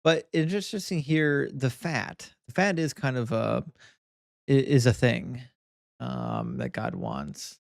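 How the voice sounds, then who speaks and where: A man talking casually on a podcast, with a gravelly, creaky edge to his voice. He makes opinionated, half-joking points. The sound is dry and close, with no room echo. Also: mid-range voice, very animated, slow. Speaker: podcast co-host. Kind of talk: casual chat.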